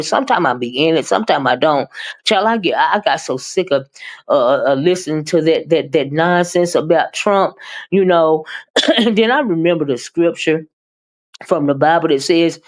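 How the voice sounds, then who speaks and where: A woman hosting a casual live-stream commentary, chatty and animated, calling viewers "child" and "honey" and sometimes rushing her words. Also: sits low.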